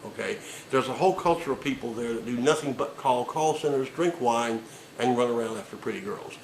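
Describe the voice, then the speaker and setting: A man's voice: medium pitch, a little fast, echoey room, slight background noise, poor audio. A man delivering a sarcastic, profane comedic rant with emphatic delivery.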